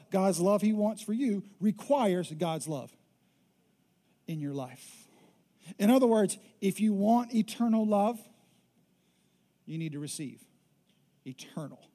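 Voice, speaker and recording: A pastor in his thirties delivers a sermon in a high-sitting voice. He preaches emphatically, swinging between loud declarations and hushed, intimate lines.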